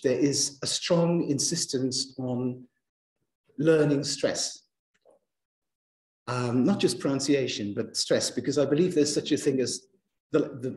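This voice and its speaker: A man giving an interactive lecture to teachers, speaking in an animated, playful way and coaxing the audience to join in. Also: fairly high pitch, roomy sound.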